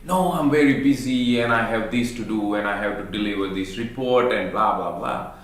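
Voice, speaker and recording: A man's voice: on the low side, normal speed, natural voice. A man voicing a busy working father who hurriedly brushes off his child. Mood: dismissive. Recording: very echoey room.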